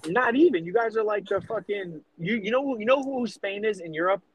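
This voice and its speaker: In a low-quality recording with a little hiss or hum, a high-pitched man speaks fairly quickly. He's a US podcast co-host in his thirties, profane and rambling as he pushes his argument emphatically in a casual debate.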